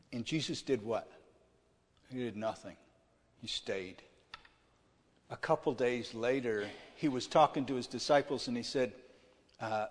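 A man's voice: medium pitch, a little slow, long pauses. A pastor delivering a conversational sermon, retelling a story in plain words and often checking that his listeners follow along. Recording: long reverb of a large hall.

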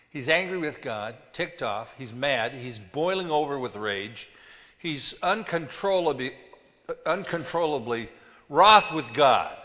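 A man preaching a sermon as pastor, reading scripture slowly and stressing words with emphasis. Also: mid-range voice, fairly bright tone, long reverb tail.

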